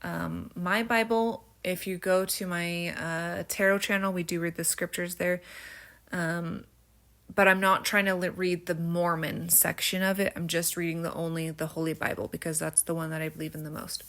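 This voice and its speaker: A woman's voice: on the low side, steady tone, normal speed, fairly bright tone. A woman chatting casually as she tells stories on her craft stream, rambling with many fillers and a slight stutter, a faint rural American twang surfacing now and then. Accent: slight rural American twang at times. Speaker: vlogger. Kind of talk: casual storytelling while crafting.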